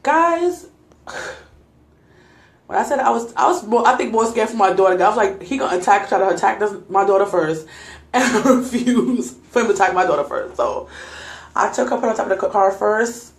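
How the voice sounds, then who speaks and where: A woman's voice: mid-range voice, moderate pace, roomy sound. A young adult woman vlogger, shaken and laughing nervously, retelling a scary night to her viewers on a phone. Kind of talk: casual storytelling to viewers.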